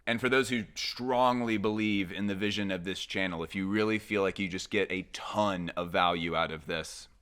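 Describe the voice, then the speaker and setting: A man with a low, resonant voice and clean, clear delivery. He hosts a fashion channel, interviewing designers in Paris and making a candid, earnest appeal to his audience. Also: steady tone, moderate pace, a bit bright. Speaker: fashion critic and channel host. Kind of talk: interview and direct appeal to viewers. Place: Paris fashion shows and showrooms.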